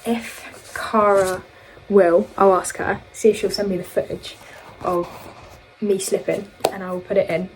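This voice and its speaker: A woman's voice: medium pitch, little pitch movement, a little slow, poor audio. A young woman vlogger telling a long story in casual chat, rambling and correcting herself as she goes. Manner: rambling, self-correcting, chatty.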